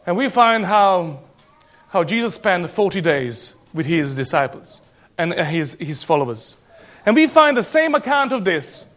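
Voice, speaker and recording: A man from Serbia preaching a sermon as pastor, animated and emphatic, often restarting his phrases. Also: sits high.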